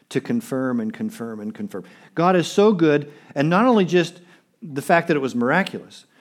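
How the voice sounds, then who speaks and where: Man preaching an emphatic sermon. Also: medium pitch. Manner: emphatic, repeats phrases for stress, addresses the congregation directly. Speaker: pastor.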